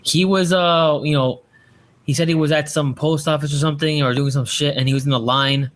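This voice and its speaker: A man's voice: fairly high pitch, steady tone, brisk, slight background noise. A man hosting a podcast in casual chat, rambling and swearing with frequent restarts. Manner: profane, rambling with many restarts. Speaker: podcast host.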